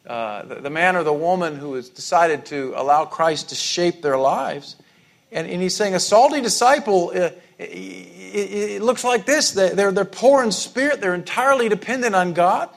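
A man with a slightly high voice preaches a sermon in an easy, conversational manner. He often repeats himself and restarts his phrases, then jumps up in pitch to stress a key word. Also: expressive, normal speed, vocal fry. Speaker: pastor.

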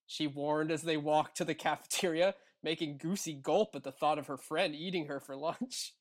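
Podcast guy reading fanfic out loud, wry and casual, breaks into laughs. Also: fairly high pitch, fairly even intonation, moderate pace, few pauses. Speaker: podcast co-host. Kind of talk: reading fan fiction aloud, casual.

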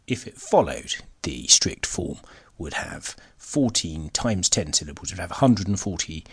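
A man's voice: sits low, a bit bright, husky. A man hosting a solo podcast, talking hesitantly with many fillers and restarts, his voice sometimes sinking to a near-whisper. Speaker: podcast host. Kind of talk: solo educational podcast talk. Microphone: laptop recording.

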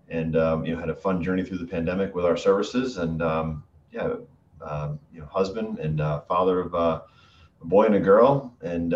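A very deep-voiced man from Western Massachusetts with a mild, neutral New England accent, easygoing and full of ums as he talks. He sounds set back from the mic in a roomy space, and the sound is a bit muffled with faint noise behind him. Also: recorded from a distance. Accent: Connecticut-like neutral New England. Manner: relaxed, many ums and restarts. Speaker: guest, sales executive. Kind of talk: casual interview chat.

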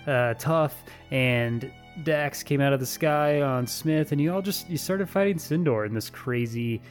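A man's voice: mid-range voice, unhurried, faint music behind. A man hosting a tabletop role-play podcast as game master, bantering with players and recapping the last session. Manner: joking banter then recapping the story.

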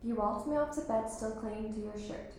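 A woman's voice: fairly high pitch, a little fast, darkish tone, a little hiss or hum, close to an everyday voice. A woman playing a defensive, earnest teenage schoolgirl who insists on her point, in a stage play. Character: defensive, earnest teen girl student. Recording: very echoey hall.

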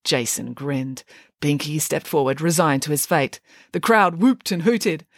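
A woman narrating a children's story aloud in a lively, expressive way, close to the microphone. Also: sits low, measured pace, no room sound.

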